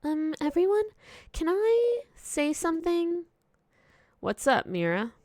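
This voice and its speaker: A woman voicing a shy, earnest young female companion in a game, speaking softly and hesitantly in a raised voice. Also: very high voice, sing-song, slow pace, voice pushed up, full character voice.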